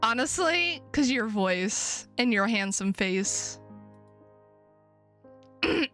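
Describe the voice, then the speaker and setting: A woman's voice: a little high, lively intonation, extremely slow, sharp tone, soft background music. A woman streamer chatting playfully and swearing freely while reading a visual novel's text aloud. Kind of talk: casual live-stream chat, reading game text aloud.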